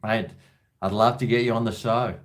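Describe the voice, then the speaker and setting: A man with an Australian accent hosts a loose call-in show, taking calls and rambling. His voice sits a little low, and he talks bluntly with a lot of swearing. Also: fairly even intonation, moderate pace. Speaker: host. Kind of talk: casual call-in chat.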